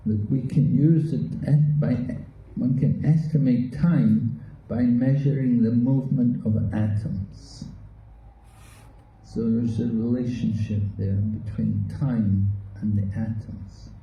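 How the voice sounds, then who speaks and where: A man's voice: medium pitch, steady tone, takes it slowly, faint music behind. A man teaching a scripture class, posing skeptical questions to his students and answering their replies. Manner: plays a skeptic, quizzing students in quoted objections. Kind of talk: interactive class discussion. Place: hall. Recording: roomy dull recording with faint noise.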